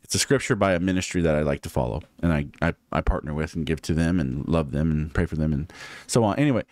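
A man's voice: rumbling low, quick pace, a little mellow, no echo, studio quality. A man hosting a casual Bible podcast who talks with enthusiasm and a preachy tone and affirms his points again and again. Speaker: podcast host.

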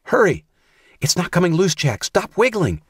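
A young woman in a dark audiobook, as a male narrator puts her on, sly and desperate. The voice is lifted well above his own, soft and coy at first and shrill when she begs. It stays husky and dry. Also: expressive, a little slow, dry recording. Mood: frantic.

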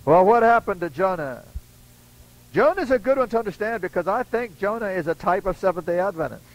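Older male preacher, folksy sermon storyteller, high and very animated delivery. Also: brisk, poor audio. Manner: acts out voices in his stories, chuckling asides.

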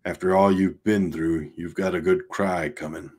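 A man reading aloud and voicing an exhausted young male first mate who speaks softly and tenderly. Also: deep voice, steady tone, normal speed. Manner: soft, hushed speech.

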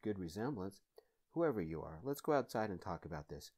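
A man voicing a cautious, businesslike police officer in a soft-spoken ASMR story. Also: sits low, sing-song, a little fast. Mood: wary.

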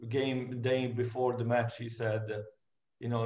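A man's voice: medium pitch, little pitch movement, measured pace, darkish tone. A male tennis coach giving frank, opinionated views as a guest in a casual chat. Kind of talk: casual video conversation. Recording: roomy, echoey room.

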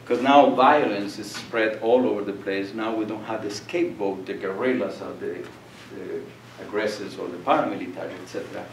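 Brisk and with few pauses, an older Colombian man in a lecture hall tells stories to his audience, acting out voices and laughing. His voice sits lowish. The recording is echoey, taken from a distant mic, with faint background noise.

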